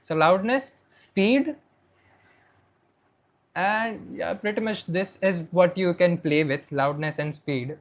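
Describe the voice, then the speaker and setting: A young man with an Indian English accent giving a spoken tutorial on presentation skills, shifting between soft and loud delivery as he demonstrates voice modulation. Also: sits high, slow pace. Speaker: presentation coach.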